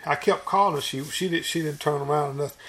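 A man's voice: fairly high pitch, fast, a bit bright. A man preaching a sermon in an earnest, folksy, repetitive way, restarting his phrases often.

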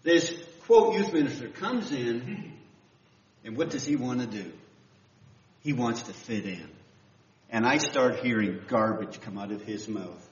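A man's voice: medium pitch, unhurried, long pauses. A man from Canada preaching a conversational sermon, full of restarts and questions to his listeners. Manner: animated, with frequent restarts and questions to the audience. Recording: echoey room from a distance, dull sound.

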